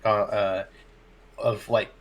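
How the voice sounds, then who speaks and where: A man's voice: lowish voice, little pitch movement, takes it slowly. A man, a dungeon master, telling a tabletop game story in casual chat, acting out his players' lines and laughing often.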